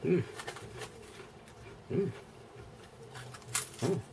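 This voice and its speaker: A man's voice: extremely slow, mellow, far from the mic, slight background noise. An Australian man chatting casually in a vlog, rambling, thinking aloud and chuckling often, recorded indoors. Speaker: vlogger. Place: indoor room.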